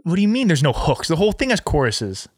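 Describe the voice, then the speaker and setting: A man co-hosting a podcast, telling stories quickly in casual chat, often laughing. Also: on the high side. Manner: fast, animated storytelling with laughter.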